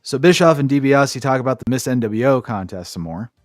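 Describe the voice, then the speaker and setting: A man's voice: medium pitch, lively intonation, a little fast, dry recording, clean studio sound, faint music behind. Sarcastic, profane man recapping. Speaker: podcast co-host. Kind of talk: casual recap chat.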